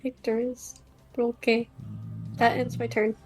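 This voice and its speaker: A woman's voice: on the high side, little pitch movement, soft background music. A woman playing a tabletop game, talking in a hesitant way. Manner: hesitant, unhurried. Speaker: player.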